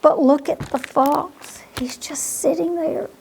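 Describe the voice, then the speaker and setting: Librarian, woman, reads a bedtime story slow and gentle, high voice, chats to the kids between pages. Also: fairly even intonation, gravelly, a little hiss or hum. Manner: slow, gentle, asks the listeners questions. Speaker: children's librarian.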